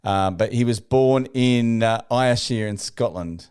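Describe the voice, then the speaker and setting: A man's voice: on the low side, a little slow, a little mellow, clear, resonant tone. A man hosting an interview, asking questions in a casual, hesitant way with many "uh"s. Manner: hesitant, frequent "uh" and restarts. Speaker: interview host.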